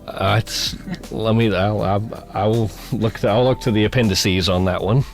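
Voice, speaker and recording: A man's voice: fairly low pitch, steady tone, moderate pace, soft background music. A man co-hosting a book club podcast in casual chat, jokey and rambling, laughing often. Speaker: podcast co-host.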